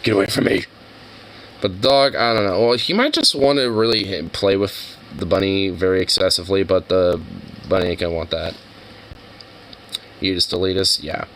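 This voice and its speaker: Reacting to videos, a young man rambles in casual, profane chat packed with fillers. He has a low voice at normal speed with a fairly bright tone, and the rough recording carries slight background noise.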